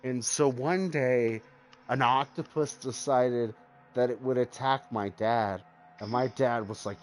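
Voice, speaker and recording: A man's voice: medium pitch, a little slow. A drunk man streaming a game and rambling through a long story. He swears freely and fills it with "like". Faint music plays behind him. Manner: rambling, lots of "like", profane. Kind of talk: casual storytelling while gaming.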